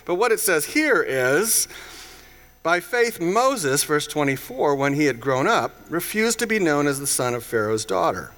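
A man preaching in a relaxed, conversational way, retelling scripture stories with playful voiced asides. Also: fairly high pitch, unhurried. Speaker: pastor. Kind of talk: casual sermon.

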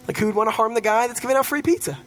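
Male pastor with a high voice, conversational, storytelling sermon. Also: rapid-fire, fairly bright tone.

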